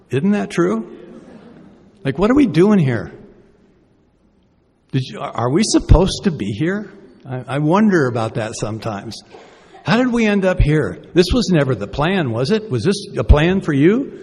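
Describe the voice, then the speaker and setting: A man with a high-leaning, very animated and slightly mellow voice speaks unhurriedly and pauses often, with slight background noise. At a podium in a reverberant conference hall, he gives a personal recovery talk that's conversational and self-deprecating, posing rhetorical questions to the audience.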